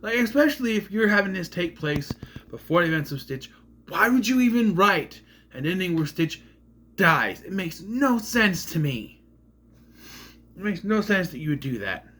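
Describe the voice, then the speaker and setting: A man's voice: high-pitched, very animated, normal speed, pushed and bright, a little hiss or hum. A man giving a casual, rambling film review, sarcastic and often tripping over names. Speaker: movie reviewer.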